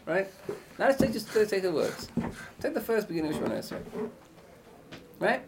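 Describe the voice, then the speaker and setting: Animated man teaching about prayer. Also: high-pitched, brisk, gravelly, a little hiss or hum. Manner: animated, swings from loud chanting to hushed near-whispers; conversational, asks listeners questions often. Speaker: Torah teacher. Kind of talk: informal Torah class on prayer.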